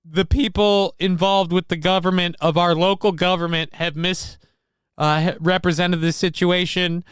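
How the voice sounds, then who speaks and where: Male podcast host, high-pitched, dry close sound, furious sarcastic political rant. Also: fairly bright tone, smooth, no room sound. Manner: angry, profane, sarcastic ranting.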